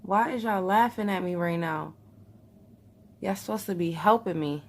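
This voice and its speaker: A woman's voice: fairly low pitch, normal speed. A young woman chatting to her viewers while trying something new at home, nervous, laughing often and talking straight to the camera. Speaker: vlogger. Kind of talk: casual beauty vlog chat.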